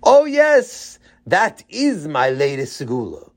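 A man voicing a bumbling adult man who thinks he is a great tzaddik, in a high, whiny, emotional voice. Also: wildly swooping pitch, moderate pace. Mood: proud.

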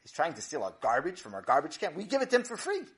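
A man voicing a father, patient, joking, slightly stammering, lively pitch. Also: quick pace.

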